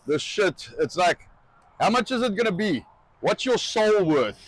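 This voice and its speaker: A man's voice: high-pitched, big pitch swings, measured pace. A man with a South African accent, cooking and co-hosting, talking casually and bluntly with some swearing. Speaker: cook and co-host. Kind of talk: casual chat while cooking.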